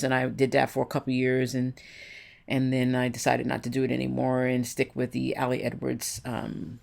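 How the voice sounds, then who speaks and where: Chatty gravelly woman, rambling craft voice-over. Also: extremely low pitch. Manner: chatty, rambling, self-correcting. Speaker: scrapbooking crafter.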